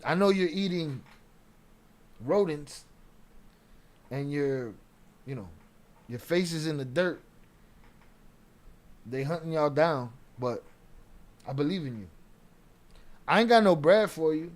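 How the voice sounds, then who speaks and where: A man's voice: on the high side, lively intonation, slow, long pauses. A man giving loose, slangy, profane commentary as a streamer. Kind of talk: casual commentary.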